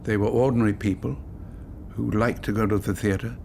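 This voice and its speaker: A man's voice: on the low side, steady tone, moderate pace, vocal fry, darkish tone, a little hiss or hum. An older actor speaking casually and hesitantly about his past. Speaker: interviewee actor.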